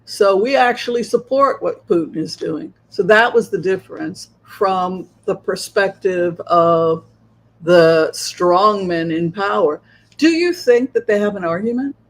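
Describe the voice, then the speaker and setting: A man's voice: high voice, a little slow, fairly bright tone. A man giving a solo political commentary as a psychic tarot reader, talking rhetorically, keeps asking "right?" and acting out other sides' views. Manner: acts out opposing viewpoints.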